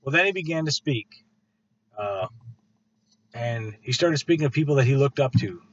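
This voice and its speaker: A man's voice: medium pitch, moderate pace, slight background noise. A middle-aged man from Michigan's Upper Peninsula giving a casual spoken presentation, rambling with fillers and restarts, then livelier as he tells a story. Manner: rambling, many fillers and restarts, grows animated when telling a story. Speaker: student giving an oral presentation. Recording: dull lo-fi sound.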